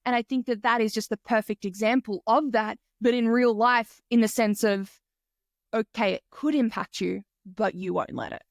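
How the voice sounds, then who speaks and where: A woman's voice: fairly high pitch, fairly even intonation, moderate pace, no room sound, clean studio sound. A woman hosting a podcast interview, enthusiastic and casual, swearing freely and acting out quotes. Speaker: podcast host.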